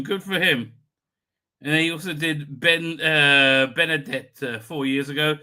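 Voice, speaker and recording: A middle-aged man hosting a casual livestream, rambling, chatty and quick to laugh as he reads viewer comments. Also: fairly high pitch, steady tone, bright, forceful tone. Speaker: livestream host. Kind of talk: casual live chat, reading viewer comments.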